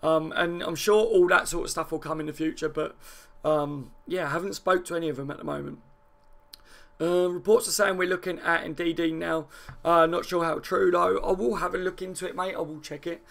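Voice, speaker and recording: A man hosting a football fan channel, chatting fast and excitedly and answering viewer comments with frequent laughs. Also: on the high side, vocal fry. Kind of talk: live fan chat reacting to viewer comments.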